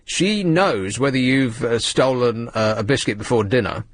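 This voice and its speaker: A man's voice: mid-range voice, normal speed, no room sound. A man from Britain hosting a radio phone-in with dry, wry commentary. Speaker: radio host. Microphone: studio mic.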